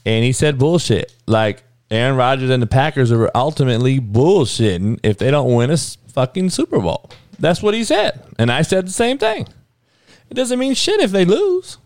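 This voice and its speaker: A podcast host with a medium-pitched voice launches into a blunt sports rant, cursing often in an animated, casual way. He speaks at a moderate pace with few pauses, and there's no room sound.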